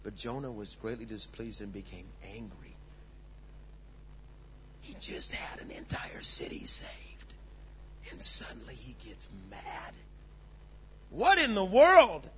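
A man preaching a sermon, swinging from low, hushed asides to loud, urgent peaks. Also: fairly even intonation, unhurried, pauses often, whispered, lo-fi sound. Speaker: pastor.

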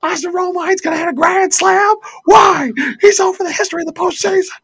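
A man doing an impression of a furious male sports radio co-host, yelling in a shrill rant. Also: steady tone, fairly quick.

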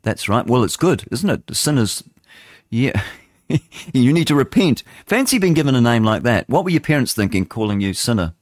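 A man's voice: medium pitch, sing-song, normal speed, dry recording, studio quality. An English man hosting a morning talk radio show, rambling, jokey and opinionated as he reads the news. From England. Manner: rambling, chatty, jokey, opinionated, stumbles over words. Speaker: radio host. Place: radio studio.

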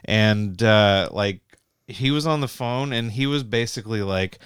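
Low, smooth-voiced man telling rambling stories. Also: slow pace, fairly bright tone, no echo, studio quality. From Canada. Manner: rambling storyteller, lots of "like" and restarts, swears freely. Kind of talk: casual chat.

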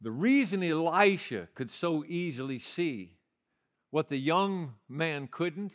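An older male pastor preaching a sermon in a church, swinging from loud shouted passages to quiet, conversational storytelling. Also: a little high, animated, takes it slowly. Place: church sanctuary.

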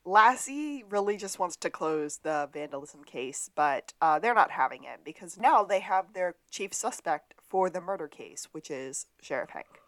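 A woman co-hosting a podcast, recapping a TV episode with dry, deadpan interjections. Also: lowish voice, normal speed, few pauses, dry recording. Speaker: podcast co-host.

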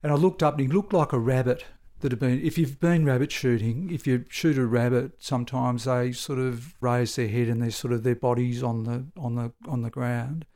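An Australian man, a former police sergeant, recounting events in a conversational interview, halting and correcting himself as he goes. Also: mid-range voice, fairly even intonation, mellow. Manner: halting, self-correcting, with frequent restarts and fillers. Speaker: former police sergeant telling his story.

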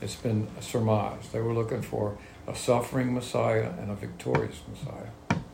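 A man leads a Bible study, reading verses aloud and then explaining them in plain, conversational talk. His voice is medium in pitch and gravelly, with a flat delivery at a moderate pace. The recording is very noisy, made in an echoey room with faint ambience.

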